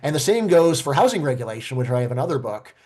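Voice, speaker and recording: Male host and professor, mid pitch, quick and emphatic, casual filler words. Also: sing-song, darkish tone. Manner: brisk, emphatic, uses "like" and "you know". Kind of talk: conversational discussion.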